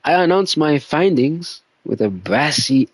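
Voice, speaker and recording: A man's voice: fairly high pitch, big pitch swings, measured pace, slight background noise, pitched above the performer's own voice. A man voicing a grand, pompous male detective with a put-on English accent, reading game dialogue aloud. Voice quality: grandiose, theatrical delivery.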